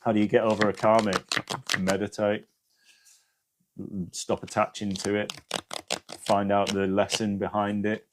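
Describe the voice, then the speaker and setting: A man's voice: lowish voice, little pitch movement, unhurried, pauses often, very noisy. A man hosting a live stream, giving casual spiritual advice to viewers, swearing freely and often checking in with "yeah?".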